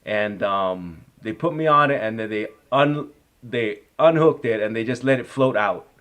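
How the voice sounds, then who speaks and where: Rambling fifties actor telling stories. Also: male voice, lowish voice, measured pace. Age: 50s. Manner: rambling, lots of "you know" and "like", animated when reliving a story. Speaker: actor, interview guest. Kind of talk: casual interview storytelling.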